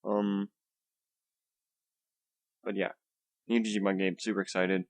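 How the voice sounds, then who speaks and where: A young man's low voice, with little pitch movement, unfolds slowly as he hosts a solo podcast at home. He rambles casually, swears a lot, and fills in with fillers and restarts. He holds back his volume the whole time.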